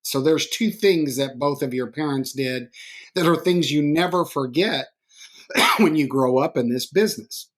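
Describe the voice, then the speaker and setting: A middle-aged man hosting a podcast interview, telling stories in a rambling, animated way full of restarts. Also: fairly high pitch, unhurried. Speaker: podcast host. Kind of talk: conversational interview.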